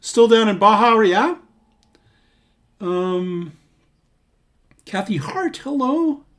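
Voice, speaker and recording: A man's voice: high voice, big pitch swings, extremely slow. A man hosting a casual livestream, chatting and reading out viewers' names as he scrolls through comments. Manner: warm, rambling, reads names aloud while scrolling comments. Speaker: singer-songwriter hosting a livestream.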